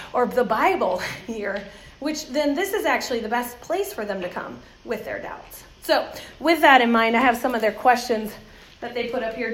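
A high-pitched woman addresses a church crowd, telling lively stories and laughing often as she acts out quoted voices. Her voice rings through a roomy, echoing hall, with a faint hum behind her. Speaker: children's ministry speaker. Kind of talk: talk to a church audience, with anecdotes. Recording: roomy echoey hall sound.

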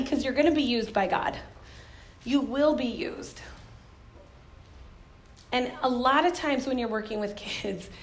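Middle-aged woman ministry speaker; candid, anecdotal, laughing easily, a touch high-pitched. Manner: candid, storytelling with frequent laughs. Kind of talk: motivational talk to volunteers.

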